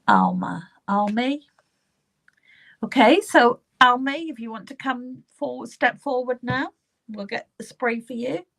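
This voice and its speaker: Brief: woman, medium on a live reading show, earnest and repetitive, slightly higher voice. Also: unhurried, creaky, a bit bright. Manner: earnest, repetitive, addresses viewers by name. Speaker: psychic medium.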